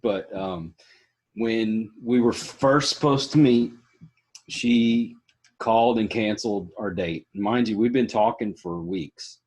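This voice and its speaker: A man's voice: lowish voice, slow, a little mellow, slightly rough. A man, a podcast host in casual interview chat, folksy and joking.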